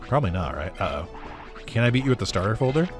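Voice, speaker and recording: Low-voiced man rambling over gameplay. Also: very animated, quick pace, music in the background. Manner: rambling, with lots of fillers and chuckles. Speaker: gaming YouTuber. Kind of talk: casual let's-play commentary.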